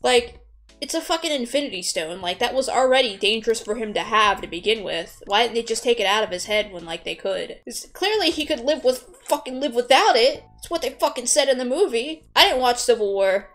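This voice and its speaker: A woman's voice: on the high side, expressive, brisk. A young woman rambling casually as she draws, swearing a lot, mocking herself and laughing often. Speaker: artist vlogger. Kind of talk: casual rambling commentary while drawing. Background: soft background music.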